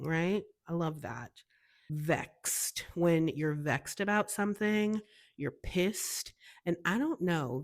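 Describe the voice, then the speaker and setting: A young woman from the US talks in a casual, gushing way on her own show. Her voice sits low for a woman, and she sounds bubbly and chatty throughout. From United States. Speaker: podcast host. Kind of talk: casual solo chat.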